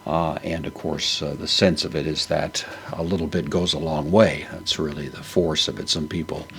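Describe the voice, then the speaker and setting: A man teaching a verse-by-verse Greek Bible lesson, unhurried, with many fillers as he parses each word. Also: very deep voice, steady tone, vocal fry, fairly bright tone, slight background noise.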